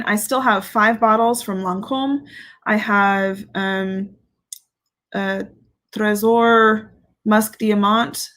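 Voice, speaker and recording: In a mid-range voice with a fairly bright tone, this woman chats on a casual livestream as a fragrance reviewer, going through viewer comments. She's frank and playful, laughing a lot and swearing without restraint.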